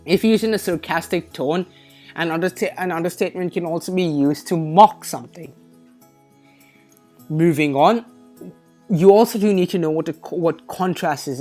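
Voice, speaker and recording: A woman's voice: sits low, mellow. A woman tutor explaining reading test concepts in a methodical way, correcting herself now and then with a light, wry touch. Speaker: SAT tutor. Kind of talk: explanatory lesson.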